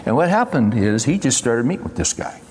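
A man's voice: mid-range voice, sing-song, a little fast, darkish tone, a little hiss or hum. An older man preaching a sermon in a folksy, conversational way, acting out bits of dialogue. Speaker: pastor. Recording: long reverb of a large hall.

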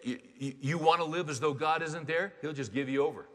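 Briskly and in a slightly high, fairly bright voice, a male pastor preaches to his congregation. He keeps it emphatic and conversational, asking rhetorical questions, and the recording carries a long hall reverb.

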